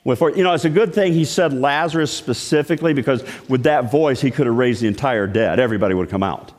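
A man pastor preaching a storytelling sermon, animated, dropping to hushed tones and rising to loud exclamations. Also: medium pitch, fast talker. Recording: long hall reverb.

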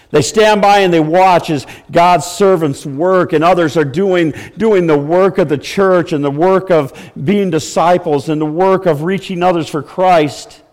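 High-voiced preaching man in a church. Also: a little mellow, long reverb tail. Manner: preaching with acted outbursts of mock wailing. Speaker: pastor. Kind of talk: sermon.

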